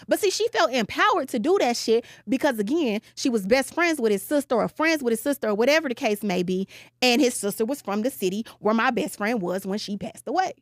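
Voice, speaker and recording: A woman's voice: sits high, brisk, no echo, clean studio sound. A young woman telling a personal story on a podcast, blunt and profane, acting out the people she quotes. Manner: blunt and profane, animated retelling with quoted voices. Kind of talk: candid storytelling, casual podcast chat.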